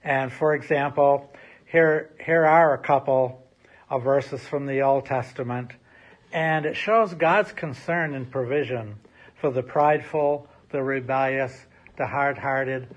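A male pastor records a sermon in an empty church sanctuary, speaking casually and restarting often. His voice is medium-pitched and a little slow, and the recording sounds slightly muffled.

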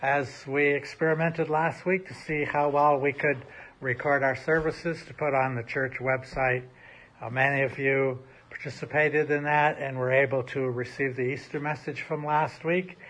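A man's voice: mid-range voice, a bit bright. A male pastor delivering a recorded sermon in an empty church sanctuary, speaking casually with frequent restarts. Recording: slightly muffled recording.

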